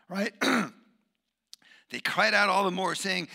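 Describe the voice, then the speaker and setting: A man preaching a sermon, emphatic, swinging between loud bursts and hushed asides. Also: high-pitched, moderate pace, vocal fry.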